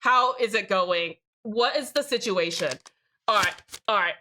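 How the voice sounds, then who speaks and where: A woman's voice: medium pitch, a little slow, bright, forceful tone, slight background noise. A woman live streamer chatting casually with her chat, joking and swearing, with rambling restarts. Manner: profane, joking, reads out chat names.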